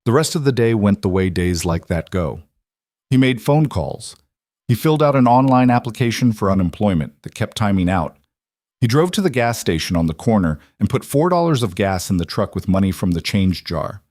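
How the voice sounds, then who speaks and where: Low male storyteller, steady reading, dry booth sound. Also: moderate pace, dry recording. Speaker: narrator. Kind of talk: scripted story narration.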